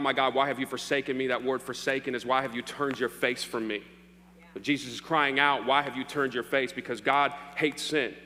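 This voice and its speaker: A man preaches to his congregation, teasing them in a playful, joking way between points. His voice is bright and forceful, and a long reverb from the hall trails behind every line over a faint hum. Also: medium pitch. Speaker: pastor. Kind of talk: sermon. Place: church hall.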